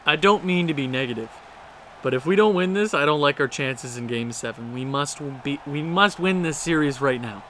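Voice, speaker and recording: A young man talks through his hockey video game at home in the middle of the night, getting exasperated and pleading with his players. His voice is bright and forceful and sits a little high for a man. There is a faint hum of room noise behind him. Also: expressive, normal speed. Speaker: gaming video creator. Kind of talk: casual gameplay commentary. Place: house at night.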